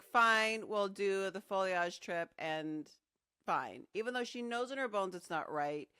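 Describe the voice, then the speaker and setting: A woman's voice: medium pitch, bright, forceful tone, no room sound. A young adult woman co-hosting a podcast, playful and teasing in casual chat. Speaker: podcast co-host. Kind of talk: casual chat recapping a sitcom.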